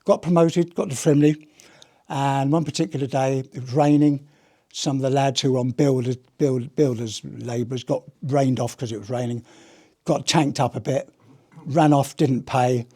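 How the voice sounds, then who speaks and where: A man's voice: mid-range voice, steady tone, moderate pace, mellow. An older man, a retired police officer, giving a rambling, chatty anecdotal talk to a live audience. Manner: rambling, chatty storyteller with many restarts. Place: heritage gallery talk.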